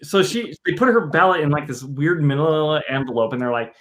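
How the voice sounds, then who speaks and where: A man telling a personal story on a casual podcast, joking and animated, acting out what people said. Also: on the high side, a little fast. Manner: animated, joking storyteller who acts out quotes.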